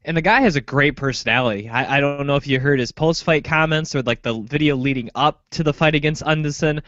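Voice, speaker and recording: A man's voice: a little high, fast, fairly bright tone, no room sound. A man co-hosting a casual sports podcast, rambling through a fight breakdown with lots of fillers. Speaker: podcast co-host. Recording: dull lo-fi dry sound.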